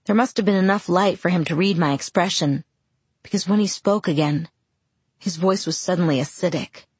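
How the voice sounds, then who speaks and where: Casting: soft-spoken female audiobook narrator, breathy tone, dry close-miked sound. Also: fairly low pitch, moderate pace, no room sound. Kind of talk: first-person novel narration.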